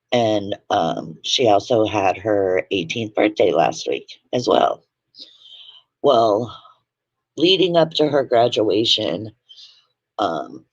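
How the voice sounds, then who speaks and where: A woman's voice: a bass voice, husky, no echo. A woman hosting a livestream at home, telling stories in a blunt, profane, chatty way. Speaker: livestream host. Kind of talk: casual livestream storytelling. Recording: dull dry lo-fi livestream audio.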